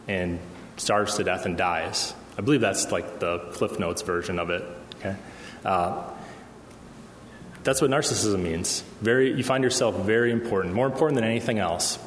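Speaking in a lowish voice, a male pastor leads a conversational sermon in a church hall and keeps asking the room "okay?" The sound is echoey with long reverb and a little hiss or hum.

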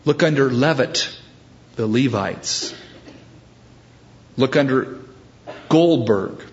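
A male preacher teaches from scripture in an easy, conversational style and often restarts his phrases. His voice sits at an ordinary mid pitch. The recording sounds dull and somewhat muffled. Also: animated, slow pace, a little hiss or hum. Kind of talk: sermon.

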